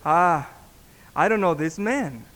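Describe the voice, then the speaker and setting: A man, a pastor, telling a story in a sermon, halting and repeating words as he acts out the dialogue. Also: fairly high pitch, lively intonation, fairly bright tone. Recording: long reverb in a hall.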